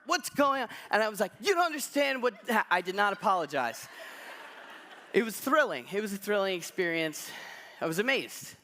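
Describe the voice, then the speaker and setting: A man preaching a sermon as pastor, telling stories in an animated way with casual asides. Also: high voice. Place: church.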